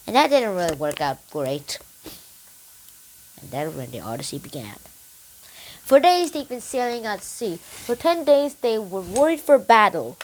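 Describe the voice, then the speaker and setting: A young book reviewer excitedly retelling a story in a casual, animated way. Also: medium pitch, unhurried, rough recording.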